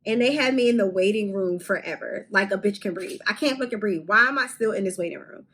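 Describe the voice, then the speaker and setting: A young woman in her twenties, telling a storytime vlog in a candid, animated way with casual swearing. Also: mid-range voice, brisk, rough recording. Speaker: vlogger.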